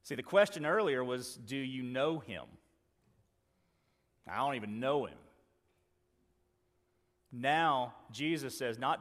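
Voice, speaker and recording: A man's voice: medium pitch, lively intonation, takes it slowly, long pauses. Earnest male preacher in a reverberant hall. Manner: earnest, acts out quoted dialogue, shifts between loud emphasis and quiet asides. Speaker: pastor. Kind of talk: sermon.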